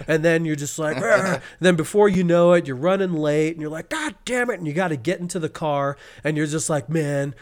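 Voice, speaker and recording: A man co-hosting a podcast, telling an animated story and acting out frustrated cursing. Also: fairly high pitch, brisk, few pauses. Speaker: podcast co-host. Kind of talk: casual podcast chat.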